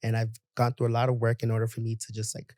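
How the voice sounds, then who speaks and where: A man talking as a podcast guest in casual chat, animated and rambling. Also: mid-range voice, quick pace, no room sound, clean studio sound. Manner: animated, laughing, rambling with restarts.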